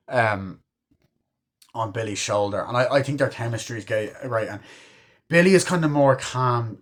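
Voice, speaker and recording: A man's voice: medium pitch, moderate pace, fairly bright tone. Young guy rambling through a movie review, lots of "like" and "um", swears a ton. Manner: swears a lot, rambling with many fillers.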